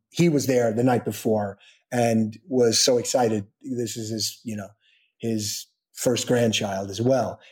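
A middle-aged man, a guest actor in a podcast interview, telling a story with animated energy, acting out the people he quotes, with many fillers and restarts. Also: medium pitch. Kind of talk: casual anecdote in a podcast interview.

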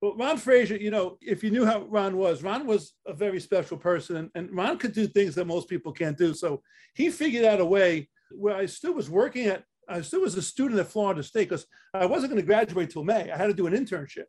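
A man's voice: high-pitched, expressive, a little fast, darkish tone, breathy edge. Chatty older New York man. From Staten Island, New York. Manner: chatty, repeats words while telling stories. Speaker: interview guest, athletic trainer. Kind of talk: casual storytelling interview.

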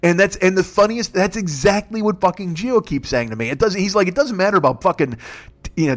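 Fast-talking profane man in his fifties. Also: high-pitched. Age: 50s. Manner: profane, rambling and exasperated, with rising rants. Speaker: podcast host and comedian. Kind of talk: storytelling monologue.

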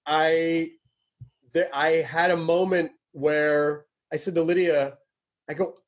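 A man from Tennessee hosting a casual interview, excitable and profane, often restarting and talking over himself. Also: fairly high pitch, takes it slowly. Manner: excitable, swears freely, talks over himself. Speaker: podcast host.

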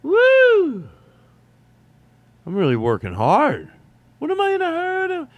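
A man hosting a casual solo podcast, telling rambling, animated stories with some swearing. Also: very high voice, brisk, no room sound, lo-fi sound. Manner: rambling, animated storytelling with profanity. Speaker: podcast host.

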